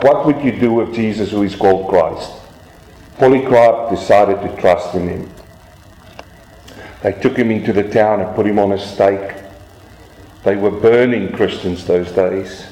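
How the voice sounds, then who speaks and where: A man's voice: on the low side, mellow. Echoey preacher man telling stories. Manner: dramatic storytelling preacher, rhetorical questions. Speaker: pastor. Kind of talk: sermon. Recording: echoey church room.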